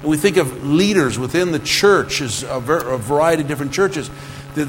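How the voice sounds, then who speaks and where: A man's voice: mid-range voice, long reverb tail, low-quality recording. A man preaching a sermon earnestly, repeating key phrases and asking rhetorical questions. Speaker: pastor.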